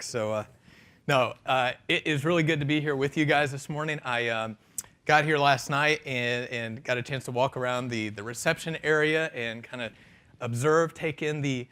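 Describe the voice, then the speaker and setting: A man's voice: medium pitch, fairly bright tone. A man giving a friendly, conversational keynote talk at a conference, with many fillers and restarts, speaking on a microphone in a conference hall. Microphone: handheld or stand microphone.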